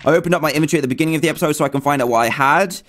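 A young man from England doing let's-play commentary, talking to himself nonstop in an excitable, panicky way. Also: fairly high pitch, rapid-fire. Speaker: gaming YouTuber.

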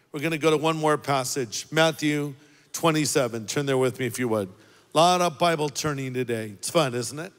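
A man preaching a sermon as pastor, talking conversationally, dropping low for quoted words and rising for emphasis. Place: large church auditorium. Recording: long reverb of a large hall.

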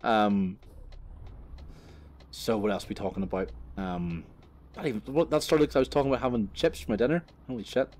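A man's voice: fairly low pitch, fairly quick, long pauses, darkish tone. A man rambling through a story while driving his truck, swearing and laughing at himself. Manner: swearing, self-mocking, rambling with many fillers. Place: inside a truck cab on the road.

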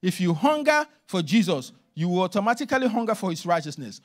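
Guy preaching in church, high voice that jumps all over, gets loud then drops real quiet. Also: very animated, fast. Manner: emphatic preaching, swings between loud and hushed. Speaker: minister. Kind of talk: sermon.

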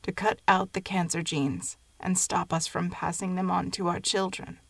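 A woman reading an audiobook story voices a frail, dying old grandmother who speaks in a weak, hoarse, hushed murmur. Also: on the low side, little pitch movement, moderate pace, no echo.

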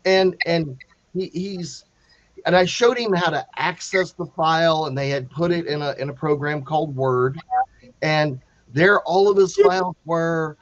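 A man telling a story in a casual, animated way, acting out the quotes with many restarts. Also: fairly high pitch, a little slow, no room sound, muffled recording. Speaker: panel guest telling a story.

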